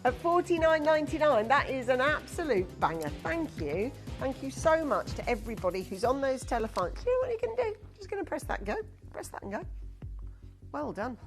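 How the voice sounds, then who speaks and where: Woman, TV shopping host, chatty and coaxing sales pitch, fairly high voice, faint music behind. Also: very animated, normal speed. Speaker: shopping channel presenter. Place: TV studio.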